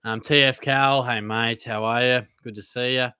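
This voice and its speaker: Bright, crisp Australian bloke. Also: male voice, mid-range voice, fairly even intonation, moderate pace, no room sound, studio quality. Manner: casual, laid-back banter with frequent mates and fillers. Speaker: host. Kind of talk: live Q&A reading chat.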